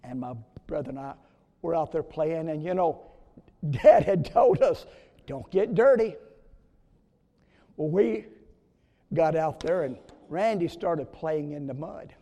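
A man preaching a sermon, telling a story in an earnest way with sudden loud rises. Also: a little high, measured pace. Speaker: pastor. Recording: long reverb of a church hall.

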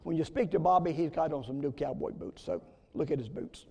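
A man preaching a sermon, telling a story in an earnest way with sudden loud rises. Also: on the high side, animated, a little fast, vocal fry, husky. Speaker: pastor. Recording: long reverb of a church hall.

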